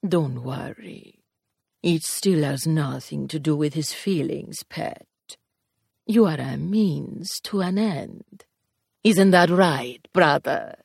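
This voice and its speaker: A cruel male demon taunts in a slow, gravelly drawl, as a woman narrator puts him on. The voice sits low and husky, with soft hissed words, close and dry like a storybook reading. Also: dry recording, full character voice. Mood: taunting. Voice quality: low gravelly breathy menace. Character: cruel sneering male demon, mocking his brother. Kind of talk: audiobook character voice.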